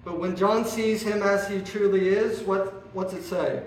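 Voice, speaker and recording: A man preaching a sermon, asking his listeners rhetorical questions and often pausing on "uh". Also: high-pitched, steady tone. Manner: asks the listeners rhetorical questions, with many "uh" fillers. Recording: echoey room.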